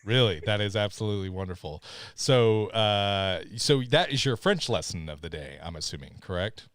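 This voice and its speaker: Lowish-voiced man chatting about a film. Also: expressive, moderate pace, a bit bright, no room sound, clean studio sound. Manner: rambling, with fillers and restarts. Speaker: podcast co-host. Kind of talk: casual movie review chat.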